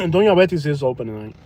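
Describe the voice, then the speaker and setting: A man's voice: on the high side, wildly swooping pitch, a little fast. Joking man chatting from a noisy car. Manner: joking, rambling storyteller. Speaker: food delivery driver and live streamer. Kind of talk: casual chat while driving. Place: inside a vehicle on the road.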